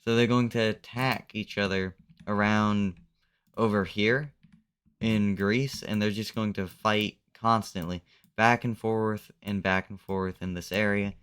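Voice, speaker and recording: A man's voice: fairly low pitch, steady tone, a little slow, fairly bright tone, clear, resonant tone. A man casually narrating a map simulation in a loose, conversational way, often saying "like". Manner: loose, conversational, uses "like" a lot. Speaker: commentator.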